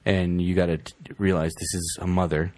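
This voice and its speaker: Man, very deep voice, casual storytelling, cusses, dry recording. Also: little pitch movement, fairly quick, darkish tone, no room sound. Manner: storytelling, profane. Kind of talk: casual chat.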